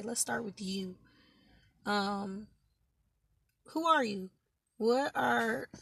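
Hoarse near-whispering woman, slow. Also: medium pitch, no room sound. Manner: slow, soft-spoken questioning. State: lost her voice, near-whispering. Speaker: co-host asking questions. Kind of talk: casual chat. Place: parked car.

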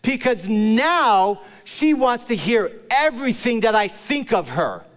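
A man preaching a sermon as pastor, telling a playful personal story with acted-out quotes and dropping low and soft for serious points. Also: sing-song, slow, in a large hall. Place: church service.

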